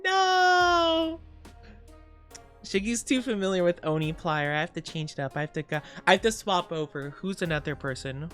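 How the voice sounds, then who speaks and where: A woman streams live as a VTuber, chatting casually and reading chat in a giggly, rambling way, her voice slightly scratchy today. Her voice sits low and runs a little fast with hardly any pauses, over soft background music.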